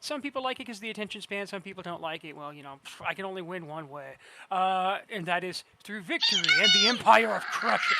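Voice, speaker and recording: A man giving casual let's-play commentary over a strategy game, excitable and quick to laugh and curse, with tired mumbling asides. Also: high-pitched. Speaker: gamer.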